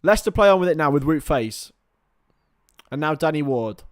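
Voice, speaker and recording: A man's voice: fairly high pitch, normal speed, no echo, studio quality. A young man hosting a live watchalong, calling the match play by play and chatting with viewers. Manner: excitable play-by-play, drops to mumbled asides with fillers. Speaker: watchalong host and commentator. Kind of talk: live match commentary with chat.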